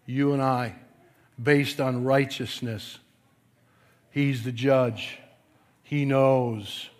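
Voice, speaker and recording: A pastor preaching a sermon, swinging from quiet, low passages to forceful yelling. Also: male voice, fairly even intonation, extremely slow.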